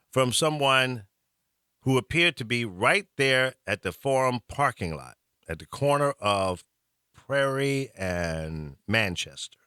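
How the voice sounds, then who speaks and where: A male talk-show host with a bright, forceful voice, telling a long story in loose, chatty fashion. His pitch swings freely while he chuckles at his own jokes. The sound is close and dry. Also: dry recording. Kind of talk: casual storytelling chat.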